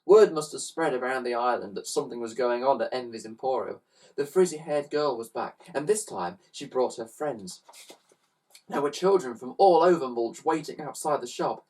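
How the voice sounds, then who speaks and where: A man reading a children's story aloud with expressive, animated narration, recorded on a slightly distant mic. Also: medium pitch, moderate pace. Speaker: storybook reader.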